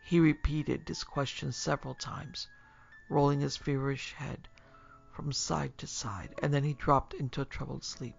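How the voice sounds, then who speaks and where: A man narrating a classic story as an audiobook in a measured, formal manner. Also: medium pitch, steady tone, gravelly, husky. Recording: dull lo-fi recording, faint music.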